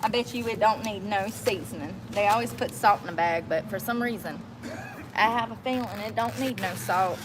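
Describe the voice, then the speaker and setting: A woman's voice: medium pitch, normal speed. A woman vlogger talking to herself as she walks outdoors, chatting in a blunt, slangy way into a handheld phone on a windy street. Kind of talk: casual self-talk vlog. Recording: wind and traffic noise outdoors.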